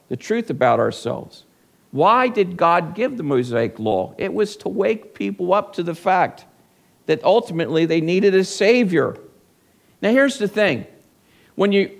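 A man's voice: high-pitched, gravelly. A male pastor delivering a sermon in a church service, reading scripture and asking the congregation rhetorical questions.

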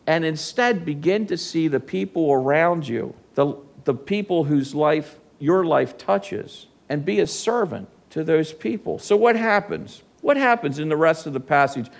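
A man preaching a sermon in an earnest way, often asking his listeners rhetorical questions. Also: high-pitched.

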